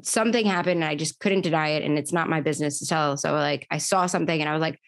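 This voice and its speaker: A young woman from New York talks through her story in a loose, chatty way, full of "like" fillers. Her voice sits a bit low for a woman. The sound is dry and close to the mic, with no room around it. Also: quick pace, no room sound. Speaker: podcast host and guest. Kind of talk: casual storytelling interview.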